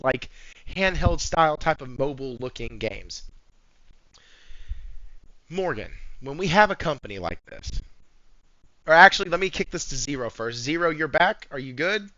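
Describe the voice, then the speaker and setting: Animated, lively-voiced male podcast host. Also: fairly high pitch, no echo. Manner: animated, swears, jokes and sings bits. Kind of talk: casual chat. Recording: dull lo-fi sound.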